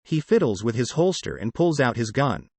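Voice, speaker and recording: A man narrating a novel in the first person, with a flat, sardonic storytelling manner. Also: medium pitch, normal speed, no echo. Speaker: audiobook narrator.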